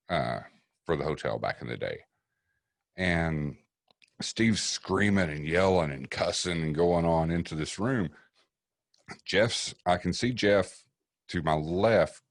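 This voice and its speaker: This is a man with an extremely deep voice, telling a story on a podcast in a relaxed, profane way. He acts out what the other people said as he goes. He sits close to a dry mic with no room sound. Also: no echo. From East Tennessee. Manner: profane, vivid storyteller acting out quotes. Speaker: paranormal investigator guest.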